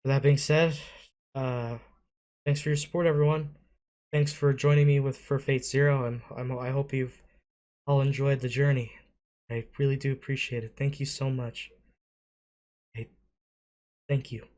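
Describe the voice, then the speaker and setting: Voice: medium pitch, level tone, normal speed, pauses often, a little mellow. A young adult hosting an anime reaction video, gasping, exclaiming and swearing at the screen. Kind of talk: emotional reaction commentary.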